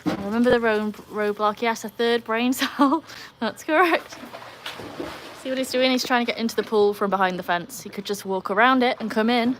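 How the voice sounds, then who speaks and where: North Yorkshire woman, livestream host, dry self-mocking chatter, slightly high voice, faint room hum. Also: moderate pace. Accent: North Yorkshire English. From North Yorkshire, England. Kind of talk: casual live-stream chat.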